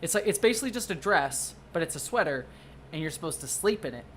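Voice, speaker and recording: A livestreamer and video producer chatting casually at home, rambling, excitable and often apologetic. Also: mid-range voice, fast, a little hiss or hum. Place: at home under a blanket.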